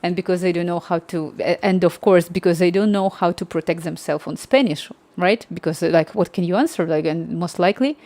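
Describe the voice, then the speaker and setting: Animated woman telling a story, dry sound. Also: fairly low pitch, a little fast, few pauses, no echo. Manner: animated, acts out quoted dialogue. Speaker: livestream host. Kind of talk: casual storytelling.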